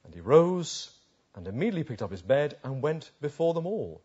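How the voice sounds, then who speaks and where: A man's voice: a little high, very animated, brisk, warm tone, breathy edge, lo-fi sound. A man preaching a sermon on a Bible passage, retelling it vividly and asking the listeners rhetorical questions.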